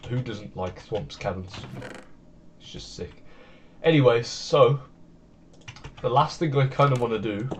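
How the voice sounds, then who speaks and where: A man's voice: fairly low pitch, a little mellow, a little hiss or hum. A man streaming a building game, rambling along in easygoing, self-deprecating chat at his computer. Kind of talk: casual gameplay commentary.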